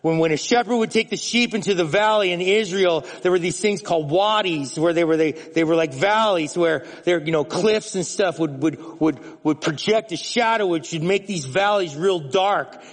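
A man preaching a sermon in an animated way, often restarting words and swinging between loud, emphatic lines and hushed ones. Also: sits high, normal speed, hardly any pauses, long reverb tail. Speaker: pastor.

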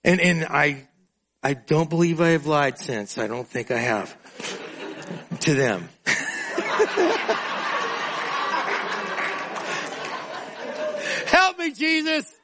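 A male preacher giving a sermon in an emotional, confessional way, often breaking into drawn-out spoken prayer. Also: medium pitch, a crowd in the background, background noise. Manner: emotional and confessional, praying aloud in drawn-out phrases.

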